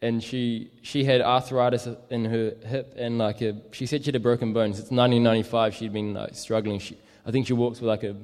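A man's voice: mid-range voice, level tone, fairly quick, hardly any pauses, darkish tone, in a large hall. A young man telling a casual, rambling story as a street evangelist, full of fillers. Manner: rambling, many fillers and likes.

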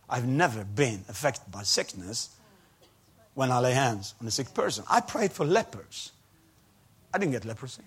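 Man preaching a sermon, husky, emphatic, non-native English phrasing, quiet storytelling then forceful preaching. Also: mid-range voice. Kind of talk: sermon with a healing testimony.

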